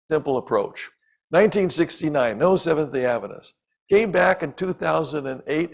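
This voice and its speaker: An older man tells stories from the pulpit in a loose, conversational sermon. His gravelly voice wanders through ums and little asides. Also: a little high, a little mellow. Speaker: preacher and missionary. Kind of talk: storytelling sermon.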